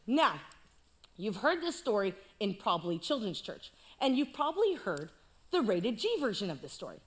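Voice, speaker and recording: A woman's voice: medium pitch, very animated, moderate pace. A woman preaching a sermon, telling the story playfully with jokes and asides.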